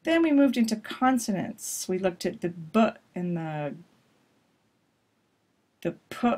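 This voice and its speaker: A young woman giving a recorded recap of a pronunciation course, speaking clearly and slowly acting out example sentences. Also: on the low side, very animated, warm tone, a little hiss or hum. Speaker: pronunciation teacher.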